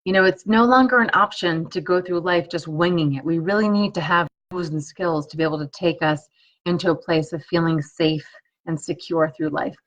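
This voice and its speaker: A woman coaching energy tapping on a live stream, guiding slow repeated affirmations and chatting encouragingly with viewers. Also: fairly low pitch, poor audio. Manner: warm, encouraging chat with viewers.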